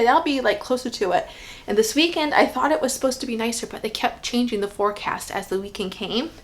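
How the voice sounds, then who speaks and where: Woman with a slightly high voice doing a chatty hair tutorial, lots of "like"s as she scrunches. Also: a bit bright. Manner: chatty, thinks aloud with many "like" fillers. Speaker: hair care vlogger. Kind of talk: casual tutorial chat.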